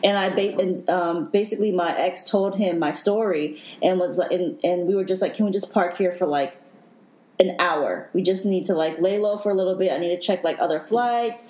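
A woman hosting a podcast who tells her own story in an emotional, halting way with many fillers. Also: fairly low pitch, darkish tone. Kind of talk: personal storytelling. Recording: echoey room.

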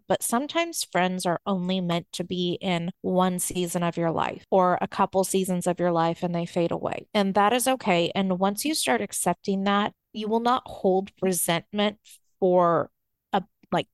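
A woman co-hosting a wedding advice podcast, giving earnest, gentle advice in casual talk. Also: on the low side, smooth, no room sound. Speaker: podcast co-host.

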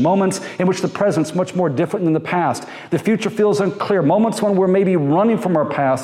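A man's voice: high-pitched, a little mellow. Man preaching in a reverberant hall. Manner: reflective, builds points in short repeated phrases. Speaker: pastor. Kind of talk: sermon. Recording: long reverb of a large hall.

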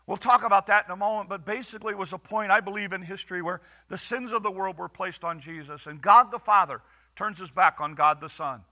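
A man preaching a sermon as pastor, earnest with dramatic pauses and raised quoted lines. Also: sits high, bright, forceful tone.

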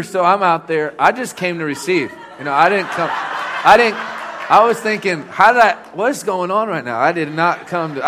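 A man preaching as a guest speaker in a church. He tells a story with lots of animation, chuckles often, and breaks into loud bursts. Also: medium pitch, slight background noise. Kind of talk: storytelling sermon.

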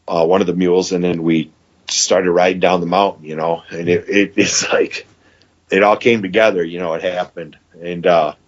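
This low-voiced man speaks at normal speed in a level tone, spinning a lengthy story as a guest on a podcast. He's folksy and casual, voicing the characters' lines and chuckling as he goes, captured in dull lo-fi sound.

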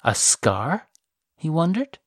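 A narrator reads a fantasy novel with slow, deliberate pacing and even, measured phrasing. The sound is close and completely dry, with no room around it. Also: medium pitch, breathy edge, dry recording. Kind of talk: scripted audiobook narration.

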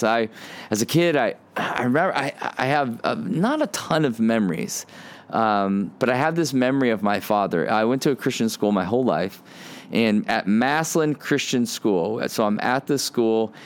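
A man in his forties giving an earnest podcast sermon, often restarting his sentences and building to animated emphasis. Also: medium pitch, moderate pace. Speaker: podcast pastor.

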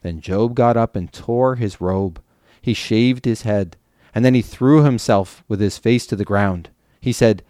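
A man with a low voice reads scripture aloud in a measured, deliberate way. The sound is dry and close, with no room echo. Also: mellow. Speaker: scripture reader. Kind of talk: scripture reading.

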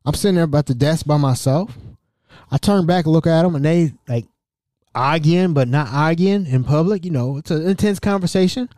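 A podcast host in his forties telling a personal story in an animated way, often stammering and repeating himself. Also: fairly high pitch, moderate pace, dry recording, studio quality. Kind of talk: storytelling monologue.

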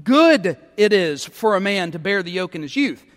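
A man's voice: high-pitched, sing-song, moderate pace, fairly bright tone, big-room sound. A male pastor preaching a sermon, emphatic and repeating words as he starts phrases.

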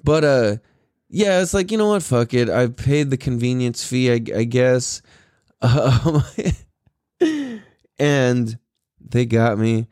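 A man's voice: mid-range voice, slow, pauses often, a little mellow, clean tone, no echo, studio quality. A tired young man hosting his own podcast, rambling in a laid-back way with lots of swearing, fillers and laughs. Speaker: podcast host. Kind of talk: casual solo podcast monologue.

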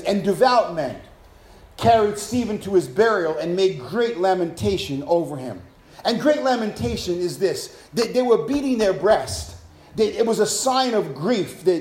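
A high-pitched man preaching a sermon in an echoey room, his voice ringing off the walls. He moves between calm teaching and fervent, shouted exhortation to his congregation. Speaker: pastor.

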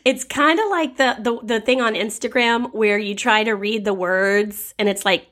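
A woman co-hosting a podcast, chatting casually in a bubbly, excitable way. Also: mid-range voice, moderate pace. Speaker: podcast co-host. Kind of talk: casual chat.

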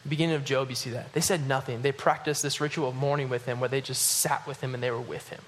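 A man preaching to his congregation, animated and rising at emphatic points, dropping low and quiet when he reads scripture. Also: fast, a little hiss or hum. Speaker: pastor. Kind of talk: sermon.

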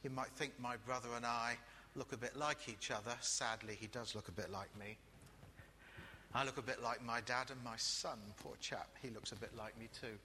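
A man preaching a sermon to a congregation, chatty and lively, with jokey asides and sudden quiet emphasis. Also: medium pitch, normal speed, long reverb tail, a little hiss or hum.

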